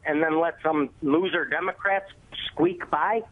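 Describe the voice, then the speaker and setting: A man's voice: high-pitched, moderate pace. Confident male caller on tinny phone line. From Cleveland area. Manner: confident, insistent, speaks in lists of points. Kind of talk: phone-in caller making a point. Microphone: telephone.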